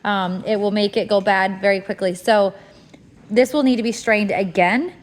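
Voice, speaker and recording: A woman explaining a kitchen task step by step in a relaxed, casual tutorial, with the odd filler. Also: mid-range voice, normal speed. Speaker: homestead cooking instructor. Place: home kitchen.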